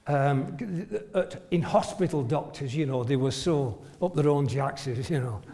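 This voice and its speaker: A man's voice: mid-range voice, measured pace, dark tone. A man, a retired family doctor telling self-deprecating, humorous stories to an audience. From northern England. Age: 70s. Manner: self-deprecating, storytelling, chuckles often. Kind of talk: humorous anecdotal speech to an audience. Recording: long reverb from a hall.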